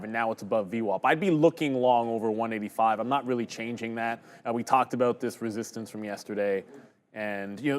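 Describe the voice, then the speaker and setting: A man talking through his trades on a live market stream, casual and thinking aloud, with fillers and restarts. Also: on the low side. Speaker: day trader co-host. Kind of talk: live trading commentary.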